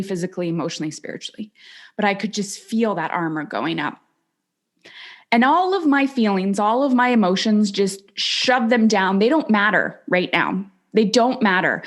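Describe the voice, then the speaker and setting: A woman in her forties, a podcast host, telling a personal story in a reflective, earnest way and slowing down on the words she stresses. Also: medium pitch. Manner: reflective, earnest, slows down on emphatic phrases.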